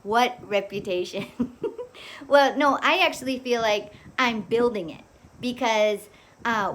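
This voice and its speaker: Middle-aged woman, fairly high voice, loose rambling storyteller. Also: fairly bright tone. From Hawaii. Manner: rambling, with many fillers and frequent laughs. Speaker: vlogger. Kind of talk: casual storytelling monologue.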